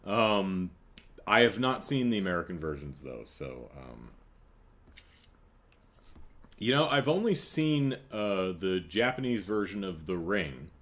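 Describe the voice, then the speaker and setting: A man's voice: sits low, slow, long pauses. A man hosting a casual solo podcast, rambling and correcting himself as he tells stories. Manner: rambling, self-correcting, animated storytelling. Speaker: podcast host.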